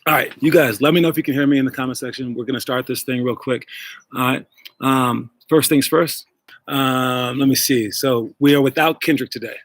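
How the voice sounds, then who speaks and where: This basketball coach and show host talks a little fast in a mid-range voice with fairly even intonation, using wireless earbuds with no room sound. His casual livestream about basketball and coaching rambles, leans on fillers, and speaks directly to viewers.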